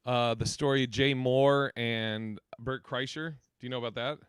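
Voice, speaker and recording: A man's voice: medium pitch, steady tone, normal speed, clean tone, no echo. A male podcast co-host talking loosely and casually, setting up a story for someone else to tell. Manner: loose, casual, hands stories to others. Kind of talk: casual chat.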